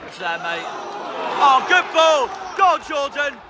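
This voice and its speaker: High-pitched guy in the stands yelling at the players, slow talker, huge loud crowd all round him. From southwest England. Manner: excitable, shouts encouragement and complaints at players. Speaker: football fan vlogger. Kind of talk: live match commentary from the stands. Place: outdoor football stadium stands. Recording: loud crowd and stadium noise.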